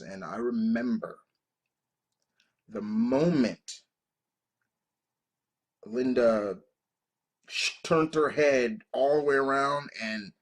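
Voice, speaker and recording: A man in his thirties hosting a reaction video, telling personal stories in a casual, profane and emotional way, full of restarts. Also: medium pitch. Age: 30s.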